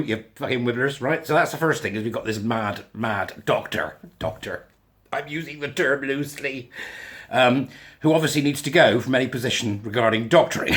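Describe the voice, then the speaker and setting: A man's voice: mid-range voice, fairly bright tone. A man hosting a podcast in a casual opinion monologue, blunt and sarcastic with a put-on mock Scottish accent. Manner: blunt, sarcastic, swearing, laughs to himself. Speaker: podcast host.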